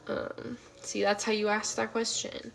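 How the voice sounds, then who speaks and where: A woman's voice: mid-range voice, little pitch movement, unhurried, vocal fry. A woman of twenty-one from California chatting casually on a livestream, reactive and full of fillers, sometimes dropping to a whisper.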